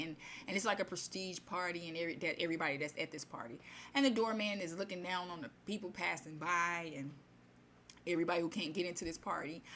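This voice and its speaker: A woman's voice: on the low side, fairly bright tone, slight background noise. A woman casually retelling a fairy tale in her own words, rambling and chatty, with many restarts. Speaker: storyteller.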